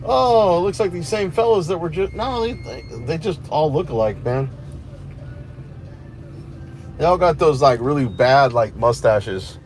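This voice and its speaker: A man's voice: a little high, animated, a little slow, darkish tone, soft background music. A tired man vlogging from inside his parked car, rambling to viewers with sarcastic asides. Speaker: cop-watch vlogger. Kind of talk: casual running commentary to viewers.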